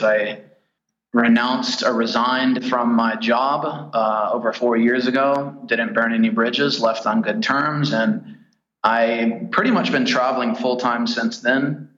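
Man from the US, guest on a podcast, relaxed storyteller, dull roomy line. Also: medium pitch, unhurried. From United States. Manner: easygoing storyteller, chatty and detailed. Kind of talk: casual interview chat.

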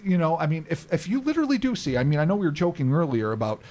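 A man's voice: fairly high pitch, expressive, rapid-fire, darkish tone. A man co-hosting a casual podcast, walking through the case at length and swearing freely. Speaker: podcast co-host presenting the case.

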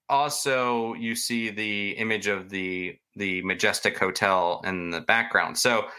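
A man's voice: lowish voice, sharp tone. A man hosting a podcast, casually telling ghost stories in a chatty, rambling way and poking fun at himself. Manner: chatty, rambling, self-mocking. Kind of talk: casual storytelling chat.

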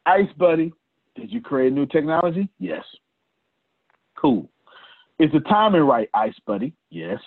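A man leading a business coaching session on a video call. He talks in an animated way and addresses attendees by name. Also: a little high, a little slow, creaky, long pauses, dry recording. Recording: tinny phone-like call audio.

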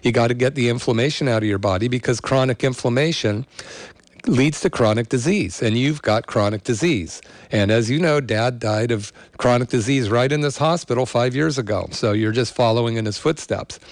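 A man's voice: mid-range voice, normal speed, no room sound, lightly acted. A man voicing a health-savvy grown son who earnestly lectures his mother.

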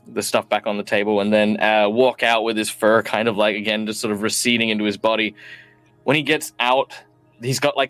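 A man's voice: lowish voice, fairly bright tone, clear, resonant tone, no room sound. A man playing his character in a tabletop role-playing game, describing actions with frequent ums and uhs. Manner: hesitant, full of ums and uhs. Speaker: player.

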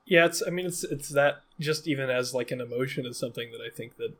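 A man's voice: medium pitch, fast talker, fairly bright tone. A man co-hosting a podcast, chatting casually about a film, laughing often and restarting his sentences. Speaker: podcast co-host. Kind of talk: casual film review chat.

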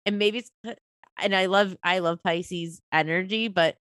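A woman's voice: fairly low pitch, steady tone, measured pace, a bit bright, dry recording. A woman with a nasal, stuffy voice from a cold, chatting casually on a podcast, rambling, swearing and laughing. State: sick, nasal and coughing. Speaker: podcast co-host. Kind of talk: casual chat about astrology.

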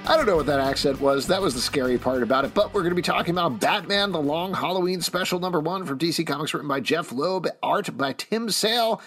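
A man's voice: on the high side, quick pace, hardly any pauses, slightly rough, soft background music. A man hosting a comics podcast in casual chat, wry and leading the talk. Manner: wry, animated, leads the talk. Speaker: podcast host.

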